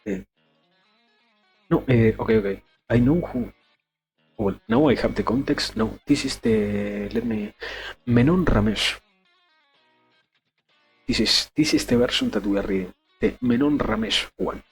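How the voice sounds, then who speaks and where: A man's voice: on the low side, measured pace, long pauses, breathy edge, faint music behind. Laughing male streamer. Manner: laughing, swearing, joking asides. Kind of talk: casual reading stream with commentary.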